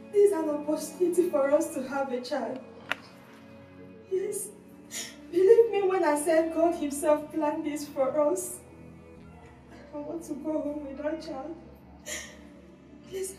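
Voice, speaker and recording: Weeping queen, high and slow. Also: warm tone, recorded from a distance. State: crying. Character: grieving queen desperate for a child. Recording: echoey room from afar with music.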